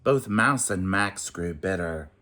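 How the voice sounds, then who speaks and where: A man reading a rhyming children's picture book aloud in an expressive, sing-song way. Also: low-pitched, slow.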